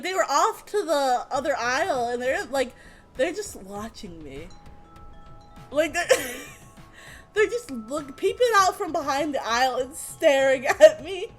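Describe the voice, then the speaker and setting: High-voiced woman telling a rambling story. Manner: animated, rambling, swears freely. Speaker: streamer. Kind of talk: casual storytelling on a livestream.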